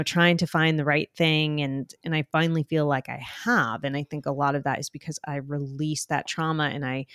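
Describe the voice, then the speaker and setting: A woman's voice: deep voice, dry recording, studio quality. A woman with a New Jersey accent, a podcast guest speaking openly and earnestly in a conversational interview.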